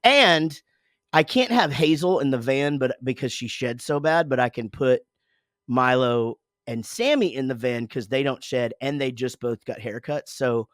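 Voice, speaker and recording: A man's voice: mid-range voice, expressive, measured pace, no echo, clean studio sound. A man in his forties, co-hosting a casual podcast, telling a rambling, profane story about his morning with lots of self-interruptions. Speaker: podcast co-host, father.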